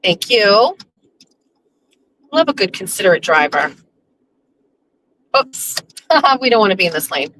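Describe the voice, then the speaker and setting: Bright-voiced woman chatting while driving. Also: medium pitch, big pitch swings, normal speed, pauses often, a little hiss or hum, low-quality recording. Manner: chatty and rambling, with frequent restarts and laughs. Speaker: livestream host. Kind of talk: casual livestream chat while driving. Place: in a car on the road.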